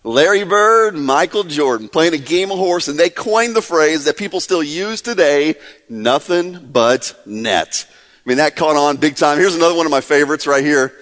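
A man's voice: fairly high pitch, normal speed, few pauses, fairly bright tone. A man in his forties, a pastor, opening a sermon in an upbeat, chatty way and quizzing the congregation. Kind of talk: casual sermon opener. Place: church hall. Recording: long church reverb.

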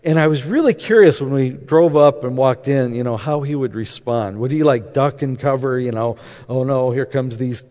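Male storyteller, mid-pitched, chatty, acts out the dialogue; long hall reverb. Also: normal speed, hardly any pauses, darkish tone. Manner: conversational, acts out quoted dialogue. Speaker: speaker telling a faith story. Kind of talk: anecdotal storytelling talk.

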